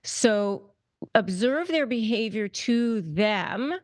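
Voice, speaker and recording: A woman attorney and negotiation expert offers advice as a podcast guest, speaking emphatically, repeating key phrases and restarting often. Her voice is on the high side and expressive, taken slowly, recorded dry with clean studio sound.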